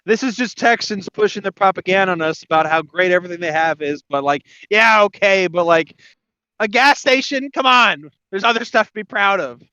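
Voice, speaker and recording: A man's voice: high-pitched, a little fast, hardly any pauses, pushed and bright, clear, resonant tone, no echo. A man co-hosting a casual podcast chat, ranting and laughing with friends. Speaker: podcast co-host. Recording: dull lo-fi dry podcast audio.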